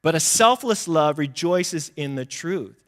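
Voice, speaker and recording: A man's voice: fairly high pitch, expressive, measured pace, a bit bright, big-room sound. A male pastor giving a conversational sermon, acting out little quoted exchanges and poking fun at himself. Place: church sanctuary.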